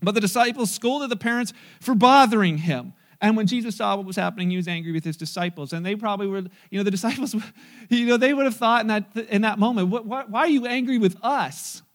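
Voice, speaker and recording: A man in his forties, a pastor, giving a conversational sermon full of animated family stories, acting out voices and laughing. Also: high voice, fast talker. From North America. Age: 40s.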